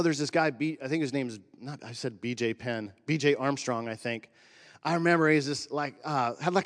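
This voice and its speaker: A man preaching a sermon as a pastor, talking conversationally and telling animated stories. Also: a little high. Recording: long hall reverb.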